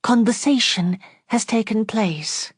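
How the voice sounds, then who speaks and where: A woman's voice: a little high, slow pace, breathy edge, dry recording, studio quality, pitched above the performer's own voice. A woman reading the part of a sincere young woman in an audiobook, with earnest, formal speech.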